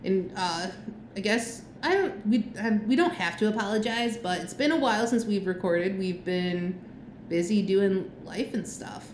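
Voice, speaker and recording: A woman's voice: medium pitch, unhurried. Brief: woman co-host, casual chat, giggly and rambling, recorded in a roomy apartment with faint hum. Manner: chatty, laughs often, trails off with fillers. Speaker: podcast co-host. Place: apartment room. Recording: echoey room, faint ambience.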